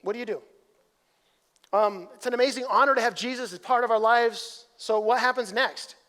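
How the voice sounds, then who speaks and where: High-voiced man preaching in an echoing hall. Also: brisk, fairly bright tone. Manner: conversational, repeats words, rises to emphatic peaks. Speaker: pastor. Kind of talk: sermon. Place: church sanctuary. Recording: long hall reverb.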